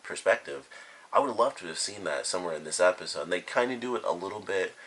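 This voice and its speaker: A man's voice: low voice, lively intonation, fast talker, fairly bright tone, slight background noise. A man giving a casual spoken review of a cartoon episode, retelling scenes in a loose, rambling way full of "like" and "you know". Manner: rambling, filler-heavy retelling.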